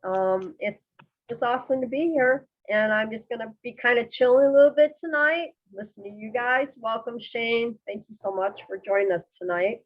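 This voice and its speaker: A woman's voice: fairly high pitch, moderate pace, muffled recording. A cheerful woman with a head cold greeting listeners as a podcast panel member. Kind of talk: casual podcast chat.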